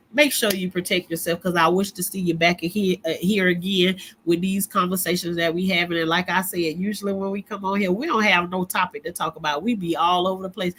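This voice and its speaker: Bright-voiced chatty woman livestreaming. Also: on the low side. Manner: loose, chatty, talks straight to viewers and chat; frequent easy laughter. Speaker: livestream host. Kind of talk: casual rambling livestream chat.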